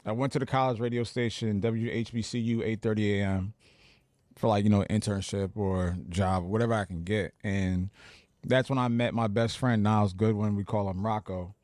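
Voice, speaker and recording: A man in his forties from New Jersey, a radio personality telling relaxed stories as a podcast guest, with many fillers. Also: lowish voice, normal speed, no echo, studio quality. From Plainfield, New Jersey. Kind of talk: casual podcast interview.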